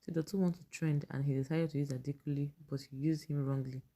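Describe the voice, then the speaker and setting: A woman's voice: low voice, steady tone, fast, mellow. A young Nigerian woman vlogger giving casual commentary on a reality show and reading fan posts, chatty, laughing often and slipping into pidgin.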